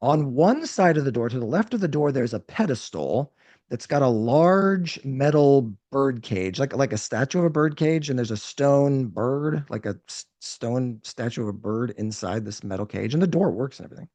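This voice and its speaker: A man's voice: mid-range voice, expressive, normal speed, a little mellow, no echo. A man narrating as game master of a tabletop role-playing game, rambling with frequent restarts. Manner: rambling, hesitant, many restarts.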